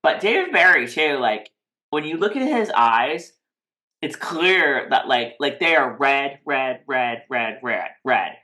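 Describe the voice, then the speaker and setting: A woman's voice: a bass voice, animated, slow pace, pushed and bright. A woman co-hosting a TV recap podcast, chatting casually and rambling with lots of "like" and restarts. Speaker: podcast co-host.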